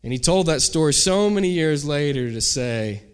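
A man's voice: a little high, moderate pace, smooth. A man, a pastor, telling a story during a sermon and acting out the people in it. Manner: animated storyteller, acts out shouted quotes.

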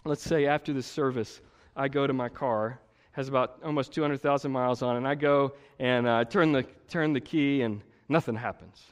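A man preaching a sermon, full of rhetorical questions and sudden hushed emphasis. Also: medium pitch, steady tone, normal speed, smooth. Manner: emphatic, rhetorical questions, drops to a hush for stress. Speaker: pastor. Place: church sanctuary. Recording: long hall reverb.

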